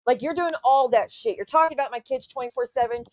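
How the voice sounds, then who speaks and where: Woman streamer, indignant and foul-mouthed, talking to her chat; a little high, close and dry. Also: quick pace, darkish tone, no echo. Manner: indignant, profane, talks straight to her chat. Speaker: YouTube livestreamer. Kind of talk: casual ranting livestream.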